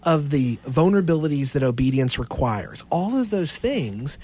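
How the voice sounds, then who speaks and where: A man co-hosting a podcast, talking through theology in an earnest, animated way and telling stories from his own life. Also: a little high, normal speed. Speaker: podcast co-host. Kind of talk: casual theological discussion.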